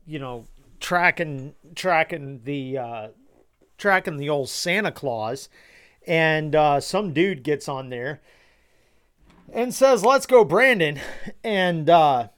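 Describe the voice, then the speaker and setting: A man's voice: on the high side, clear, resonant tone. Rambling, profane man hosting a podcast. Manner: rambling, profane and sarcastic with many fillers. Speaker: podcast host. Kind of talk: casual podcast monologue.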